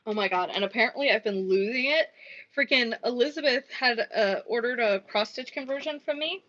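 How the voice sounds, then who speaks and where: A slightly high-voiced woman rambles through a casual live-stream chat as she crafts, dropping swear words and quietly muttering numbers as she counts. The audio comes through dull and lo-fi. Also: a little fast. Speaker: livestreaming crafter.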